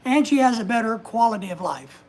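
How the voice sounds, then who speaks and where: A woman's voice: a little high, expressive, fairly quick, darkish tone. A woman hosting a casual livestream from home, chatting, giving advice and reading out viewer comments. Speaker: livestream host.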